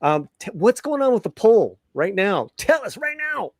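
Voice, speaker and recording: A man's voice: high voice, sing-song, moderate pace, no room sound, studio quality. A man hosting a live-streamed talk show, chatty, laughing easily and repeating his phrases. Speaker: host.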